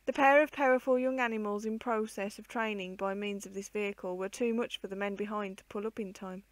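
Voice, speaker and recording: A woman's voice: medium pitch, dry recording. Woman reading a children's classic aloud. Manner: measured, expressive reading. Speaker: storyteller.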